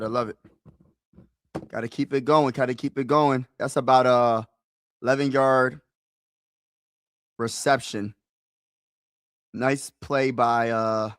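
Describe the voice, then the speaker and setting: A man giving excitable, slangy live play-by-play and reaction on his stream, his voice rising when he calls big plays. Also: mid-range voice, no room sound, studio quality. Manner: excitable, slangy, talks to viewers as "bro"; rises loudly when calling big plays. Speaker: sports streamer.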